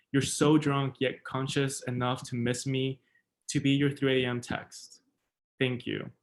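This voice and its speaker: A young man from the United States giving a spoken word poetry reading, with quiet, hesitant asides between poems. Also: mid-range voice, rough recording. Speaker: poet.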